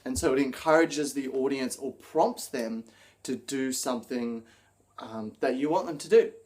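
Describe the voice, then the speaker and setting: A man coaching public speaking straight to camera, energetic, acting out gestures as he explains them. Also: mid-range voice, moderate pace. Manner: energetic, demonstrates gestures while talking. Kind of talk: direct-to-camera teaching video.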